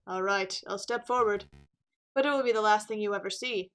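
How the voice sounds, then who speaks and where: A woman voicing a cold, menacing male assassin in a game, with a low, threatening delivery. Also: brisk, a bit bright, close to an everyday voice. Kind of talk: game dialogue read aloud.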